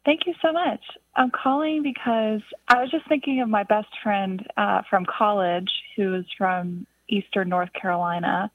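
A woman calls in to a radio show and tells a story in a chatty, filler-heavy way. She comes through a tinny phone line, her mid-pitched voice dry and close. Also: normal speed, no room sound. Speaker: caller. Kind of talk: casual phone call.

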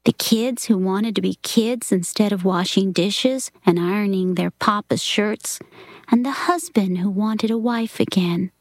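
A woman reading a novel aloud in a soft, reflective way that drops into a whisper at times. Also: mid-range voice, a little slow, no echo. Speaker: reader.

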